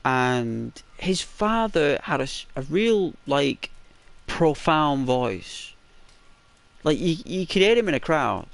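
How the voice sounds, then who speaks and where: A man's voice: fairly high pitch, very animated, takes it slowly, creaky, no echo. A man hosting a gaming channel, telling a story in a chatty, rambling way with lots of fillers and restarts, in a semi-ASMR narration over gameplay.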